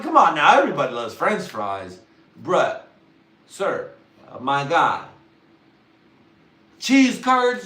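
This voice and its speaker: A man voicing a brash, excitable guy who raves about his favorite dish. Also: fairly high pitch, reverberant, far from the mic, pitched above the performer's own voice, full character voice. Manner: brash, hyped-up, insistent. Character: loud excitable man raving about poutine.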